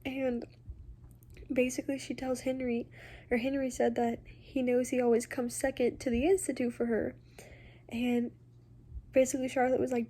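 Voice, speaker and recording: A woman's voice: a little high, fairly even intonation, measured pace, long pauses, warm tone. A nineteen-year-old woman chatting casually in a reading vlog, gushing about a book with lots of ums and likes. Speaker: book vlogger.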